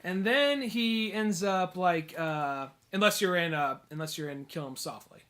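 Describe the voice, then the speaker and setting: A man's voice: high voice, a little slow, fairly bright tone. A man co-hosting a comedy podcast, rambling and swearing as he recaps a movie and acts out bits of dialogue. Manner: rambling, profane, acts out quotes. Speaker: podcast co-host. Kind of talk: casual comedy podcast chat.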